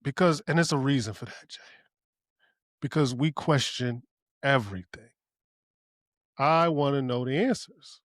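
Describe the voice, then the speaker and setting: A man's voice: medium pitch, a little slow, long pauses, dry recording, studio quality. Laid-back, profane man on a podcast. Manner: loose, profane, agreeable. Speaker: podcast co-host. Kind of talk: casual podcast chat.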